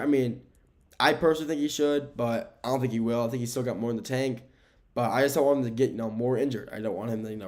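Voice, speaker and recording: Young male podcast host, middle-pitched, casual and rambling, opinionated sports takes, recorded at home. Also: darkish tone. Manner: rambling, opinionated, self-correcting. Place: home room with window blinds.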